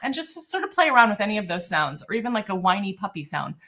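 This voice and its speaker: Chatty woman vocal coach, lively voice. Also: quick pace. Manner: relaxed, chatty, thinks aloud with many fillers; breaks into high sung and hooted vocal exercises. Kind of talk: live-streamed singing warm-up.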